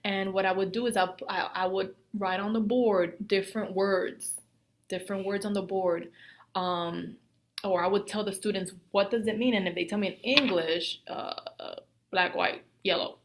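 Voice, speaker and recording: A woman from the Dominican Republic in her thirties, a Spanish teacher giving a casual training talk, chatty and animated, dropping into whispered asides. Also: mid-range voice, moderate pace, a little hiss or hum.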